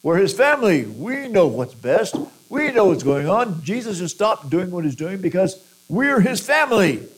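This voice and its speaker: A preacher acting out exasperated scolding family members. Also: male voice, high voice, big pitch swings, moderate pace, pitched above the performer's own voice. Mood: self-important. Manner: scolding, insistent.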